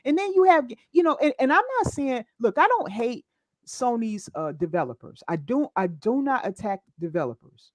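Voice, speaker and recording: A woman's voice: fairly high pitch, expressive, moderate pace, no echo. A woman co-hosting a casual opinion chat, talking emphatically and often adding okay. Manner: emphatic, frequent laughs and okays.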